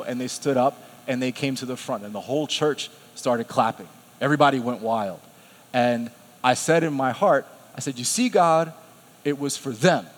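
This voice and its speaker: A man preaching a sermon, telling a personal story with lively self-quotes and frequent laughs. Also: medium pitch. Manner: animated, laughs often, quotes himself. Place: church sanctuary. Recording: long hall reverb.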